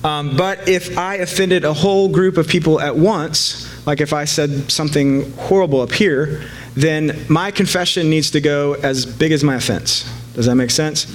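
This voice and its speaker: A man's voice: a little high, moderate pace, hardly any pauses. A man preaching a casual sermon to a live congregation, joking and conversational, with frequent fillers and restarts.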